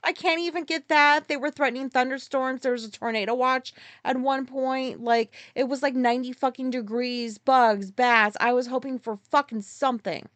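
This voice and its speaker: A woman's voice: high-pitched, steady tone, moderate pace, hardly any pauses, dry recording. Woman host, solo podcast rant, exasperated and profane, dry close sound.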